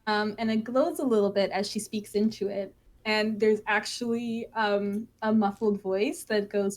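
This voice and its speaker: A woman's voice: mid-range voice, fairly even intonation, unhurried. Enthusiastic woman player narrating her character. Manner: rambling, enthusiastic, casual. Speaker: guest player.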